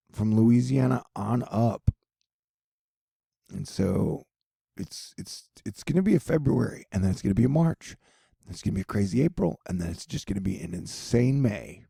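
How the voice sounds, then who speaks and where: A man rambles through joking weather commentary in a gravelly, husky voice. His tone is dark and mellow, recorded close and dry with no room sound. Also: mid-range voice, no echo. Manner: joking, rambling, many asides. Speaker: weather and news video host.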